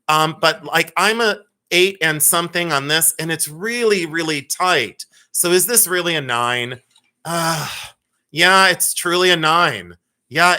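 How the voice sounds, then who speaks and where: A man with a bright, slightly high voice hosts a live jewelry sale in a loose, chatty way. He jokes, teases and laughs easily. He rambles a little as he greets viewers by name. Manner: playful, joking, laughs often, teasing. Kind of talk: casual live-stream selling chat.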